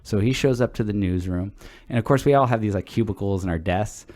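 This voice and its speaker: Low-voiced man telling rambling stories. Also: brisk. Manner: relaxed, rambling, swears freely. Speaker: podcast co-host. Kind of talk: casual storytelling chat.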